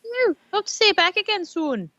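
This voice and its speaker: A woman's voice: extremely high pitch, very animated, normal speed, sharp tone, dry recording, lo-fi sound, pitched above the performer's own voice, full character voice. A woman voicing a friendly, chatty male orc flower seller in a tabletop game, with an Irish and New Zealand accent that comes and goes. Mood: cheerful. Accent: wavering Irish and New Zealand mix. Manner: cheery, sing-song salesman patter.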